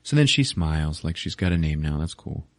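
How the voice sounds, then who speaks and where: A man's voice: extremely low pitch, big pitch swings, a little fast, no echo. A male podcast host casually recapping a movie, swearing, laughing and acting out the scenes. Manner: crude, laughing, acts out scenes.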